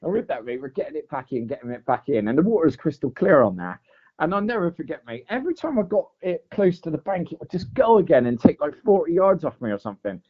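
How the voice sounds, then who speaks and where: A fast-talking man with a fairly high pitch shares a long fishing story as a guest on a podcast. His casual, animated storytelling is full of "mate" and "like," and the recording is dull lo-fi podcast sound.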